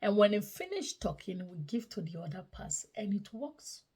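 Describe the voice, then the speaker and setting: Woman host, husky tone, advice monologue with frequent hushed half-whispered stretches and slow emphatic repeats. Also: medium pitch, sing-song. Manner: drops often into soft breathy half-whispers, slow emphatic repetition. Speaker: host of a relationship advice channel.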